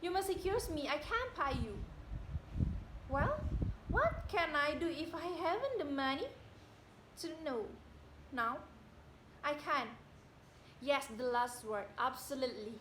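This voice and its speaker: A young woman playing a proud young widow in an amateur stage reading, speaking in a declamatory way that climbs to indignant shouting. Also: high-pitched, lively intonation, unhurried, long pauses, noisy background. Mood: cool refusal. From Indonesia. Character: proud young widow, haughty and quick to anger. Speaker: student actor. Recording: echoey room.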